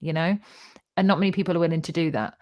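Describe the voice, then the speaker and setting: A woman hosting a casual live conversation, telling stories in an animated, chatty way. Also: sits low, racing, lo-fi sound. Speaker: host of a live spiritual talk stream.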